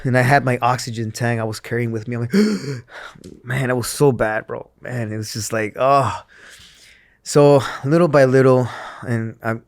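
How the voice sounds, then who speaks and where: A man's voice: mid-range voice, steady tone, normal speed, no echo. Emotional man recounting hardship, dry close sound. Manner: emotional, filler-heavy with frequent restarts and acted-out quotes. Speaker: interview guest, former pro wrestler. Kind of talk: candid conversational storytelling.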